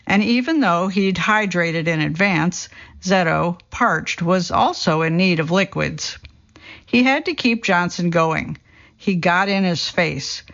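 A narrator giving a scripted reading of a true story, quoting people in the same steady voice. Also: mid-range voice, measured pace, gravelly. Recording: dull lo-fi recording.

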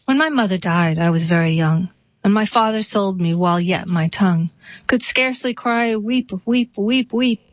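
Calm woman reading aloud, dull recording. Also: lowish voice, normal speed, no room sound. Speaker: reader. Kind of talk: reading a story and a poem aloud.

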